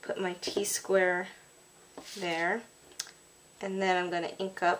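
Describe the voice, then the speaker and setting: A woman's voice: lowish voice, little pitch movement, takes it slowly, pauses often, background noise. A woman casually narrating a card-making tutorial at her craft table, chatty and apologetic, with plenty of ums.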